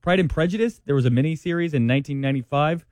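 A man, a father, co-hosting a radio segment, reading a ranked list with playful quick asides. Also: on the high side, darkish tone, dry recording. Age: adult with children. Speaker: radio show producer and co-host. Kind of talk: casual chat, reading a list.

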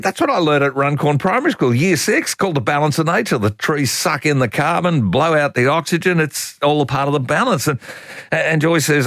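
An older Australian man hosting talkback radio, with a fairly high voice. His folksy, opinionated delivery is animated and exasperated. He sounds close and dry. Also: fairly quick, no room sound.

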